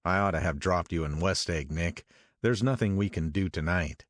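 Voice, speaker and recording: A man reading an audiobook, voicing a brusque, commanding wealthy man with gruff authority. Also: deep voice, moderate pace, no echo, lightly acted. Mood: grave. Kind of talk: audiobook character voice.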